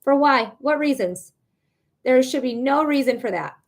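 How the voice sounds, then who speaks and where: A woman's voice: high voice, animated, moderate pace. A young woman hosting a live psychic reading stream, chatting casually with viewers and venting her frustration with plenty of swearing. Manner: frustrated, swearing, talking to chat.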